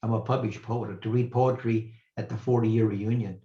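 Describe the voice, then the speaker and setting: An older man, a retired professor, giving an earnest, reflective talk as a guest speaker, pausing and restarting as he shares a personal story. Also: fairly low pitch, fairly even intonation, warm tone. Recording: roomy, slightly muffled recording.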